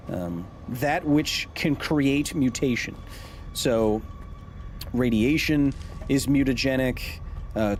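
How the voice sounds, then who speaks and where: A man's voice: mid-range voice, slight background noise. A man in his thirties hosting a live gaming stream. He chats, explains science and reads out viewer messages. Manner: chatty, explains science, reads chat aloud; jumpy, yells when startled.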